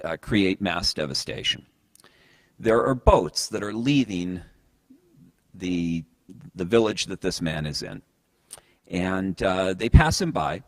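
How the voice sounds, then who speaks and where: A man's voice: on the low side, a bit bright, no echo. A man giving a motivational talk, telling a story in an earnest way and often restarting his phrases. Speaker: speaker.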